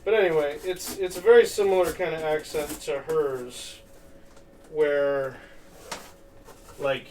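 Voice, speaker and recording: A man streams himself crafting, thinking aloud in a casual, rambling way packed with filler words. His slightly high, darkish voice is fairly even, slow and marked by long pauses, picked up by a distant mic with faint background noise.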